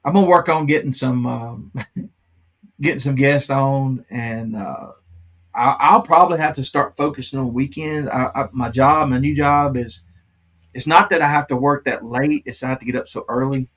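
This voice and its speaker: A man's voice: medium pitch, moderate pace, fairly bright tone. A man hosting a live stream, chatting casually, rambling and laughing often.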